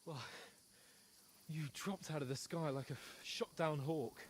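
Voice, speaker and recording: An actor playing an anxious young male companion in a game, speaking in an urgent, brisk, rallying way. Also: on the high side, a little hiss or hum, natural voice. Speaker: game character. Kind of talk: scripted game dialogue.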